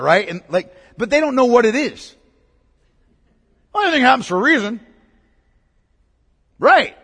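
Animated pastor preaching in a hall. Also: male voice, very high-pitched. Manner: emphatic, repeats key words, asks the congregation questions. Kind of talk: sermon. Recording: long reverb of a large hall.

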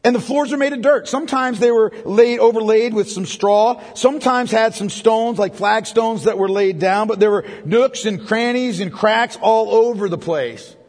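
Male pastor, high husky voice, chatty sermon full of "right?" asides, long church reverb. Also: normal speed, hardly any pauses, darkish tone. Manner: conversational preaching with frequent tag questions.

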